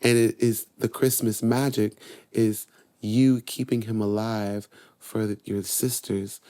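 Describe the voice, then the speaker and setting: A young man on a podcast as a guest, chatting casually and telling lively personal stories. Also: slow. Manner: animated storyteller, voices his younger self and mom in higher tones. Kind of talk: casual chat, storytelling.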